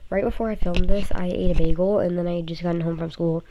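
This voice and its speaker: A woman's voice: fairly low pitch, steady tone, fast talker, mellow, dull audio, slight background noise. A tired teenage girl at home rambling through a casual vlog into her phone, talking in loose run-on thoughts full of "like" and "um". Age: teens. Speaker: vlogger. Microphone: phone app recording.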